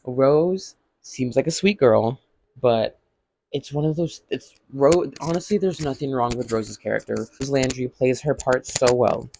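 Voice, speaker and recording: A man's voice: medium pitch, measured pace, vocal fry, darkish tone, slight background noise. A man casually recapping a TV episode in a vlog, rambling with lots of "like" and acting out what characters say. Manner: rambling, heavy use of "like", acts out quotes. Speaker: vlogger.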